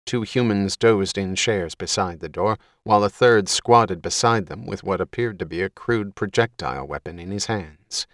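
A man giving steady, measured scripted narration as an audiobook reader. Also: deep voice, dry recording, studio quality.

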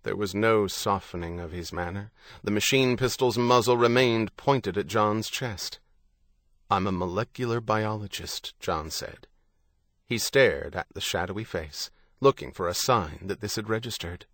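A man narrating a thriller audiobook in a steady, measured way. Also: lowish voice, dry recording, clean studio sound. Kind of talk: scripted narration.

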